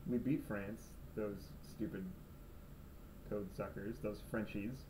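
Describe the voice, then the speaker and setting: This video blogger, a young man with a lowish, steady voice, speaks slowly in a sarcastic, self-mocking comic ramble from his room at night. The cheap camera's built-in mic sits some distance away, catching faint background room noise.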